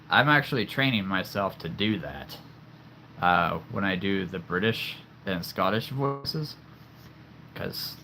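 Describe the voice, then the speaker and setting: A man's voice: lowish voice, sharp tone, a little hiss or hum. A young man from the central United States hosting a casual livestream, chatty and enthusiastic, laughing easily. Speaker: livestream host.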